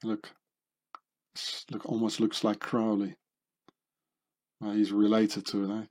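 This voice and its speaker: Slow, dark-toned rambling man. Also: on the low side, completely flat delivery. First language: German. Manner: meandering, many fillers and restarts. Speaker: commentator. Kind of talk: rambling monologue over images.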